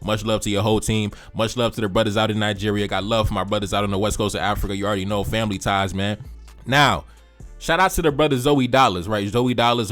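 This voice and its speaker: A man from Haiti, hosting a music reaction video, talking casually with lots of repeated phrases and shout-outs. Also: mid-range voice.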